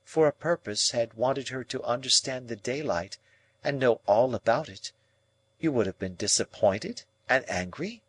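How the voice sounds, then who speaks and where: A man reading an audiobook, voicing a proud, composed young woman who speaks in a calm, measured way. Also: medium pitch, husky, voice pushed up. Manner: calm, measured, coldly reasoning.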